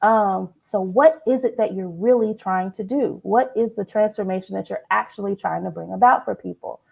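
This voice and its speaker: A woman's voice: mid-range voice, normal speed, gravelly, phone-quality sound. A woman copywriter, telling stories animatedly as a guest in a casual chat. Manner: animated storytelling.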